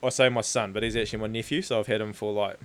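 A man in his thirties with a New Zealand accent, a podcast guest telling stories in a lively, sweary, casual way. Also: on the low side, racing. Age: 30s. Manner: animated, swearing freely, frequent "like". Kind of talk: casual storytelling chat.

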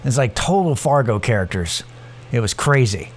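A man's voice: mid-range voice, expressive, moderate pace, slight background noise. A man hosting a podcast, telling a rambling, profane story in a casual way with many restarts. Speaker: podcast host.

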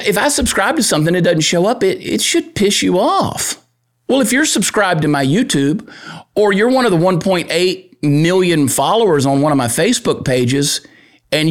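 Male comic-host, worked up and crude, very animated pitch. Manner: riled-up, crude, joking rant. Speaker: podcast host and comedian. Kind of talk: casual opinion talk show.

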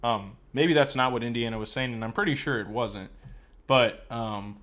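A man's voice: medium pitch, normal speed, fairly bright tone. A man co-hosting a casual faith podcast, talking in an easygoing, hesitant way with plenty of fillers. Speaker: podcast co-host.

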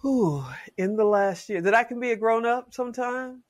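High-voiced expressive woman in her fifties. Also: normal speed. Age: 50s. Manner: warm, folksy and expressive storyteller. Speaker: podcast guest. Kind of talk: casual interview.

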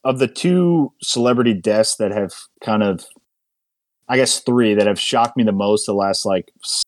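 A man's voice: fairly low pitch, moderate pace, no echo. A man on a casual podcast, speaking reflectively and searching for his words.

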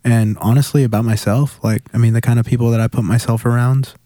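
A young man in casual chat, talking candidly and haltingly about himself. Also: mid-range voice, fairly even intonation, warm tone, no room sound, studio quality.

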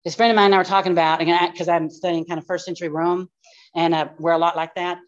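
A woman pastor, teaching a live class in a fast, animated storytelling way with quick asides. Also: lowish voice. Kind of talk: live-recorded church class. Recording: dull lo-fi live recording.

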